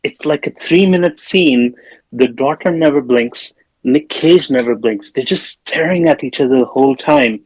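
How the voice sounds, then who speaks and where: A man hosting a casual film-review podcast, loosely rambling through the plot with plenty of fillers. His voice sits at an ordinary middle pitch. The sound is close and dry, with no room around it. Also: moderate pace, darkish tone, husky, dry recording, poor audio. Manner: retells scenes with acted-out quotes. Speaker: podcast host.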